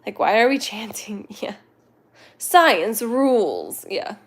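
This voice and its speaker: A woman's voice: medium pitch, sing-song, slow pace, fairly bright tone. A young woman hosting a cat rescue livestream, chatting casually with viewers in a playful, giggly, rambling way.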